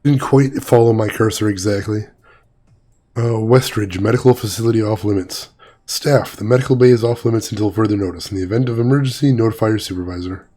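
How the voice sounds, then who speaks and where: Low-voiced man doing chatty game commentary. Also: a little fast, dark tone. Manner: chatty, joking, reads in-game text aloud. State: voice a little weak. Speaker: gaming video host. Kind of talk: casual let's-play commentary.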